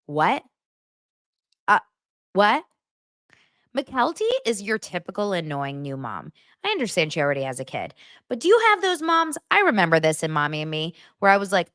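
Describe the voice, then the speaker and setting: A woman's voice: mid-range voice, big pitch swings, normal speed, long pauses, a bit bright, dry recording, studio quality. A woman hosting a podcast, recapping reality TV in a blunt, sarcastic, casual way. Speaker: podcast host.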